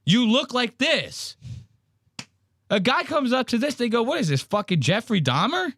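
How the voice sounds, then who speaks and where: A man hosting a podcast, telling a story in casual banter with crude, animated mocking impressions. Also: very high voice, normal speed. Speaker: podcast host.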